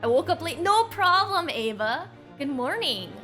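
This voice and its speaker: A woman's voice: extremely high pitch, very animated, measured pace, pushed and bright. A young woman streaming a game, reading its dialogue aloud in several voices and reacting with playful giggles. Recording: music playing behind the voice.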